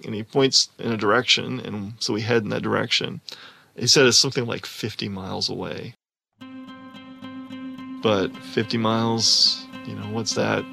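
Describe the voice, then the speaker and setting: A man telling a personal story in an animated way, often laughing as he talks. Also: lowish voice, moderate pace, gravelly, soft background music.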